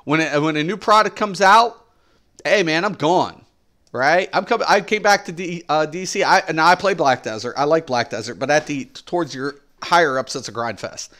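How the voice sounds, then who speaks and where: A man's voice: fairly high pitch, normal speed, pushed and bright. Exasperated middle-aged man ranting on stream. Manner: exasperated, emphatic, repeats himself, swears. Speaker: game streamer.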